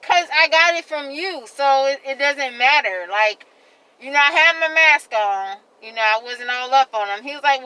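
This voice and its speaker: A woman vlogger venting to her viewers in a heated, rambling rant, repeating herself and filling every pause with "like.". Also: high voice, sharp tone, poor audio. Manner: heated, repetitive rant full of "like". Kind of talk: venting monologue to camera.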